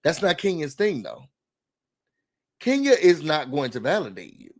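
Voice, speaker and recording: A man hosting a reality TV recap, ranting casually in an animated, sassy way and cursing freely. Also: on the high side, moderate pace.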